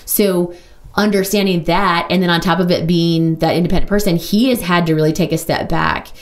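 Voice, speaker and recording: A woman with a somewhat low voice, talking candidly to her listeners in a relaxed personal monologue. She speaks openly and informally and sprinkles "like" and side remarks throughout. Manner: open, chatty, full of "like" and quick asides. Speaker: podcast host.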